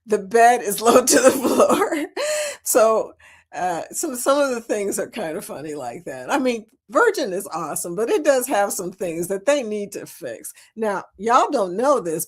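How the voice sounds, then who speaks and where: Hosting a relaxed cruise-themed livestream, a middle-aged woman reads out viewer comments and tells lively stories punctuated by frequent laughter. Her voice is medium-pitched and slightly rough, and her manner is chatty.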